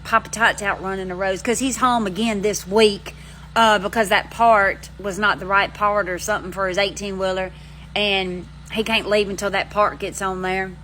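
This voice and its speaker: Her medium-pitched voice stays fairly even and sharp at a moderate pace as she rambles to her phone from her front steps. She's a vlogger with an Alabama Southern accent using country slang, and the audio is poor with slight background noise.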